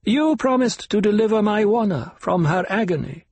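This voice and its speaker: A man reading an audiobook, voicing a broken but defiant old male doctor who speaks in a strained, oddly measured cadence. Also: high voice, expressive, a little mellow, husky, voice pushed up, heavily acted. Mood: pleading.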